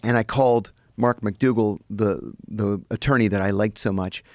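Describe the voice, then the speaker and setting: An American man, a guest on a podcast, telling his story in an animated way and acting out the people he quotes. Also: on the low side, moderate pace, no echo, studio quality. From United States.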